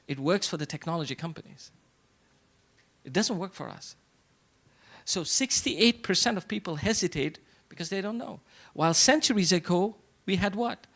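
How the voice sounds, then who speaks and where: A middle-aged man speaks from the front of a hall to a business crowd. His voice is raised and gravelly, and he throws the audience rhetorical questions and hammers home short repeated lines. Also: high voice, fairly bright tone. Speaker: event speaker. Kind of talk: motivational speech to a live audience. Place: event hall before an audience.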